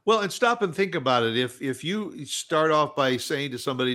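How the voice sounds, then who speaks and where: A man's voice: a little high, animated, a little fast, hardly any pauses, sharp tone. A man hosting a casual conversation, agreeable, often restarting his sentences. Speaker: host. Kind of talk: casual chat.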